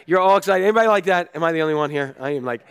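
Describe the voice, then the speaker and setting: Man, pastor type, slightly higher voice, animated conversational sermon delivery. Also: rapid-fire, clean tone.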